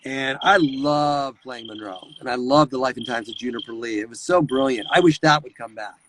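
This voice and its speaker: A man talking as a guest voice actor in a casual interview, animated and quick to slip into voices. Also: mid-range voice, slight background noise, low-quality recording.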